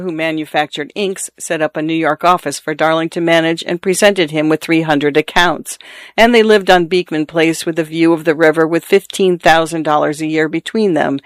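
A man narrating a literary short story in a steady, measured way. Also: on the high side, dry recording.

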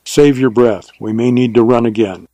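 A man's voice: medium pitch, fairly even intonation, normal speed, dark tone, no room sound, muffled recording, natural voice. A man voicing a rugged, protective ranger who speaks urgently while on the run. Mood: weary.

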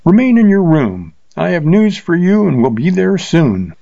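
A man voicing a cool, mocking young Texan rider who talks briskly. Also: mid-range voice, animated, dark tone, no echo. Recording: slightly dull lo-fi recording.

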